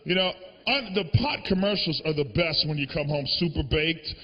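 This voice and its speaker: A man doing a stand-up comedy set on a live stage, brash and profane, breaking into shouted rants into a handheld mic. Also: a little high, lively intonation, moderate pace, in a large hall. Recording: dull lo-fi live recording.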